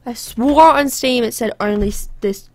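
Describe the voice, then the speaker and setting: A woman's voice: fairly high pitch, moderate pace, darkish tone, slight background noise. A woman giving casual, rambling let's play commentary, chatting to herself as she plays.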